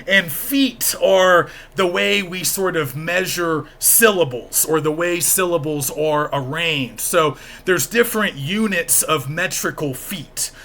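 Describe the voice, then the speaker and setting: A man's voice: fairly high pitch, slow, hardly any pauses, pushed and bright. A man giving a recorded lecture, explaining in a plain, patient way and checking in with the listener as he goes. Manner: explanatory, plain-spoken, checks in with "okay?" and "right?".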